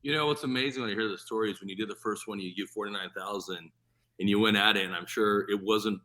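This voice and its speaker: A man hosting a podcast, eagerly pressing his guest with quick questions in a casual chat. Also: on the low side, bright, forceful tone, poor audio. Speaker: podcast host.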